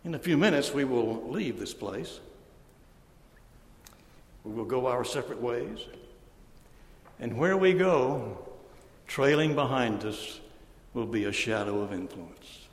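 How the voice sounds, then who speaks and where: A man preaching with slow, weighty deliberation. His voice rings out in a roomy church sanctuary, and a long reverb trails after every phrase. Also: mid-range voice, expressive. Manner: slow, solemn, deliberate delivery. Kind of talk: sermon.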